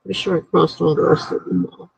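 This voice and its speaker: A woman writer chatting casually on her live stream, rambling and thinking out loud. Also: fairly low pitch, flat delivery, fast talker, vocal fry, slight background noise. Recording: dry, slightly dull lo-fi mic.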